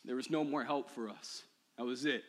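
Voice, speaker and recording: A male pastor preaching a personal sermon to his church, moving from quiet confession to impassioned, rising appeals. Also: medium pitch, normal speed. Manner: personal, builds to impassioned shouting. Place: church sanctuary.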